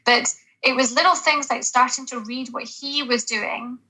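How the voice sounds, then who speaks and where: A woman's voice: sits high, fairly even intonation, normal speed, pushed and bright, low-quality recording. A woman who works as a GP, speaking as a guest in a podcast interview, earnest and reflective, with hesitant restarts.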